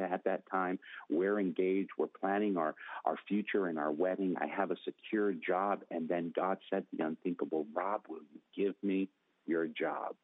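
Man telling a dramatic story over a tinny line. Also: no room sound. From Northern California. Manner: dramatic, acts out quotes with raised pitch. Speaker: guest telling his testimony. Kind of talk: storytelling testimony. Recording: tinny phone-like dry sound.

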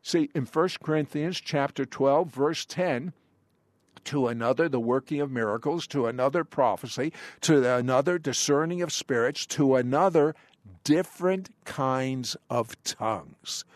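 A man preaching a sermon, quoting scripture with emphatic pauses and telling stories from his ministry. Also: medium pitch, no echo.

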